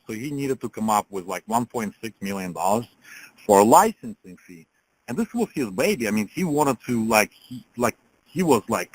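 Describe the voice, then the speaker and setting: A man's voice: lowish voice, poor audio. A man coaching a group on a call, telling a rambling motivational story with many fillers and restarts. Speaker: business coach.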